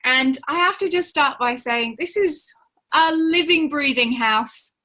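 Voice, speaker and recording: High-voiced woman hosting a webinar. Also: a little slow. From Australia. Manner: warm, welcoming, greets viewers by name. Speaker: webinar host, spiritual teacher. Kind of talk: live online webinar talk. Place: at home.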